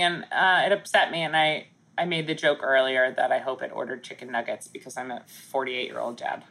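Joking woman co-host with a bright voice. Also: rumbling low, normal speed. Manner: jokey, laughs often, mock newscaster reading. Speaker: podcast co-host. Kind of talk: casual comedic chat.

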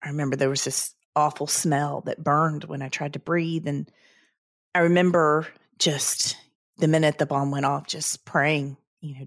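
A woman's voice: low-pitched, steady tone, moderate pace, dry recording, studio quality. A woman, a guest earnestly recounting a personal story in a podcast interview. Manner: earnest, vivid recounting with quoted inner thoughts. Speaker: guest, credit union CEO.

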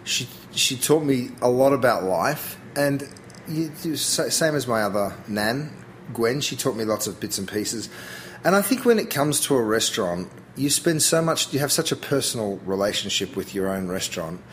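A middle-aged man with an Australian accent, talking casually as an interview guest, chatty and relaxed, often restarting his sentences with fillers. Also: mid-range voice, moderate pace, a little hiss or hum, poor audio.

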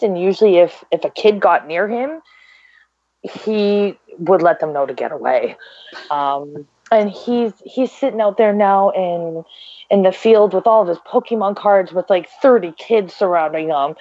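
A woman's voice: lowish voice, a little mellow, no room sound. A young mother answering interview questions in a chatty way, with many "like"s and fillers. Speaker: guest, mother. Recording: dry, dull lo-fi audio.

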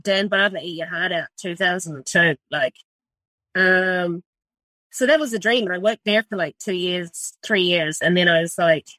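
A woman's voice: on the low side, moderate pace, a bit bright, dry recording. Sweary New Zealand woman chef. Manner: sweary, rambling, lots of fillers. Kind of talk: casual interview.

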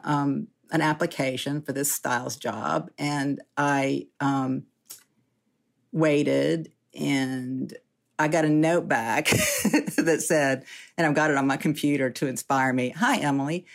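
A woman's voice: low voice, animated, takes it slowly, gravelly. A woman in her sixties telling her story casually as an interview guest, chatty and self-deprecating, often laughing.

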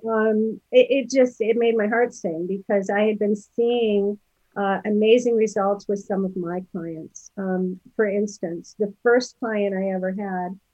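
A woman's voice: medium pitch, fairly even intonation, measured pace, warm tone, dry recording, dull audio. A woman in her fifties telling stories as a podcast guest, rambling with many fillers and restarts. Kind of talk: casual storytelling interview.

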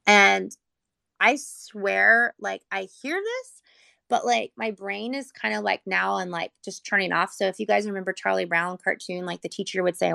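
Gravelly-voiced mother telling an emotional story. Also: mid-range voice, moderate pace, bright, forceful tone, no room sound. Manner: earnest and rambling, heavy with "like"; emotional, close to tears. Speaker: mother telling her son's hospital story. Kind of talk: personal storytelling, casual.

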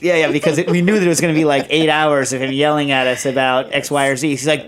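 A man's voice: on the high side, little pitch movement, quick pace, few pauses. A man hosting a podcast in casual chat, rambling and digressive with lots of fillers. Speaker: podcast host.

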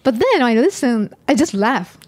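Woman host, kinda high voice, lots of mm's and wows, super dry close sound. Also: sing-song, moderate pace, darkish tone, dry recording. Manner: attentive, many short affirmations. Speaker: podcast host. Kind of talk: casual interview chat.

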